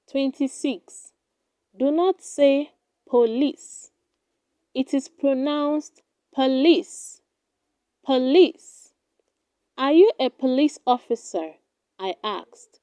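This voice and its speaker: Slow, high-voiced woman teaching pronunciation. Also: a little mellow, clear, resonant tone, no echo. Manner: deliberate, says each word twice and then in an example sentence. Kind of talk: scripted pronunciation lesson.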